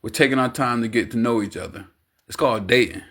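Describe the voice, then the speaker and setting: A man's voice: medium pitch, fast talker, a bit bright. A man voicing a dry, scolding, level-headed friend in an audiobook. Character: exasperated level-headed man, radio host, adult.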